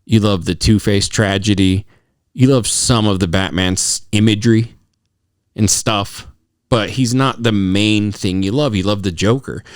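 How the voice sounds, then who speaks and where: Emphatic, swearing young podcast host. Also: male voice, lowish voice, a little slow, no room sound, clean studio sound. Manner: emphatic, argumentative, swears freely. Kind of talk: casual movie-debate chat.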